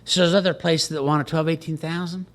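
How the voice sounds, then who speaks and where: Older guy telling his recovery story, higher voice, dry jokey self-mocking delivery. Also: little pitch movement, fairly quick. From Texas, USA. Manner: wry, joking storyteller who laughs at himself. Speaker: recovery speaker at a retreat. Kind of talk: personal recovery story told to a crowd.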